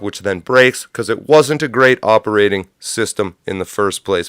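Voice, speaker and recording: A man's voice: fairly low pitch, moderate pace, hardly any pauses, fairly bright tone, smooth, dry recording, clean studio sound. A man hosting a livestream, delivering sardonic, profane political commentary full of absurd tangents. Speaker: livestream host.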